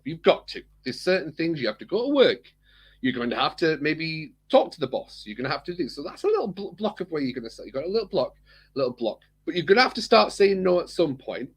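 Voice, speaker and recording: A man's voice: mid-range voice, slightly rough. A man co-hosting a podcast, chatting casually and rambling, repeating words and laughing often. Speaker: podcast co-host. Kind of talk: casual chat.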